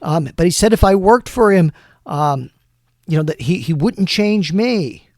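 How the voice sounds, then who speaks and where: A man's voice: sits high, lively intonation, unhurried, darkish tone, dry recording, studio quality, pitched above the performer's own voice. A man voicing a frightened young woman in a tabletop game, stammering and repeating her words. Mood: scared, pleading.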